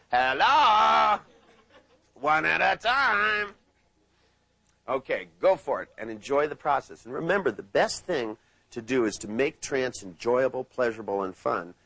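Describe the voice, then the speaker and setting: A man running a live hypnosis seminar, playful and storytelling, sinking into a slow hypnotic tone when he demos trance suggestions. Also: medium pitch, no echo, poor audio. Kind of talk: live seminar teaching with anecdotes. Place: seminar room with live audience.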